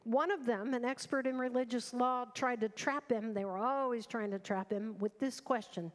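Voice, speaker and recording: A woman's voice: a little high, normal speed, few pauses. A woman pastor preaching a sermon with earnest urgency, asking the congregation rhetorical questions. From United States. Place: large church sanctuary. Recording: long reverb of a church hall.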